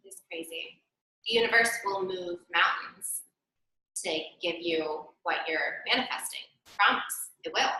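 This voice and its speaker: A woman's voice: fairly low pitch, sharp tone. A woman hosting a spiritual talk, an earnest medium coaching listeners and repeating key phrases. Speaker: psychic medium, host. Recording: very echoey room.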